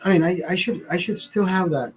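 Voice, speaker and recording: Rambling, profane man with a higher voice. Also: a little fast, a little hiss or hum, poor audio. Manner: rambling, profane, animated storytelling. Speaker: livestream host. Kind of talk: casual late-night livestream chat.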